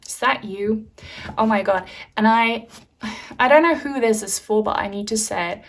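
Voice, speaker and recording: A woman's voice: on the high side, normal speed, distant mic. Chatty woman reading tarot, mic set back. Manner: chatty, reassuring, frequent fillers. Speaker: tarot reader. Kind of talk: pick-a-card tarot reading.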